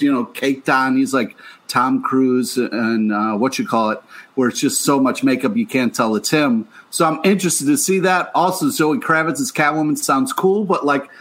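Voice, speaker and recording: A man's voice: mid-range voice, fairly bright tone. A man co-hosting a casual podcast, rambling with lots of hesitations and teasing his co-host. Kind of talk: casual chat.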